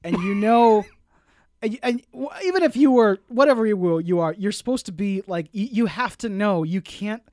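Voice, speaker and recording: A man co-hosting a casual movie review chat, animated and indignant, often stumbling and restarting his sentences. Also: high-pitched, moderate pace, dry recording, clean studio sound. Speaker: podcast co-host.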